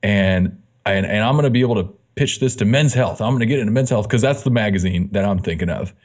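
Lively storytelling man, lowish voice. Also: fast talker. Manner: animated, acts out quoted dialogue. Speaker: guest, fitness magazine editor. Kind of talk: casual storytelling interview.

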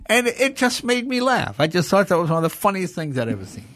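A man's voice: high voice, fast, dry recording. An older man, a guest in a casual talk, telling anecdotes and acting out the voices of people he quotes. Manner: animated, acts out quoted voices. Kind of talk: casual storytelling.

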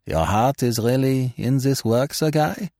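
A man voicing a fussy, fastidious older Belgian detective who complains in precise, formal phrasing. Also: medium pitch, lively intonation, a little mellow, no echo, studio quality, voice pushed up. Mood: probing.

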